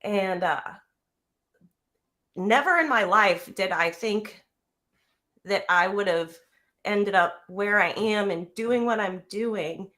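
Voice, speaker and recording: A woman's voice: mid-range voice, slow pace, pauses often, a bit bright. A woman giving an emotional tribute on a livestream video call, nervous and close to tears, earnest and heartfelt. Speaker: guest speaker.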